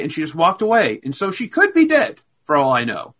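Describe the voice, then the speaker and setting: Animated rambling man on a call. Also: a little high, moderate pace. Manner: animated storyteller, rambling with fillers. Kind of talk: casual chat over a call. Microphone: call audio.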